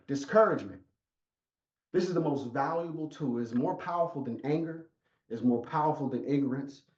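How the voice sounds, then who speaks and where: A man's voice: on the high side, brisk, darkish tone. Emphatic male motivational coach on a video call, muffled and roomy. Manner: emphatic, repetitive storytelling. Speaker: life coach. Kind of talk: motivational talk. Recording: echoey, muffled sound.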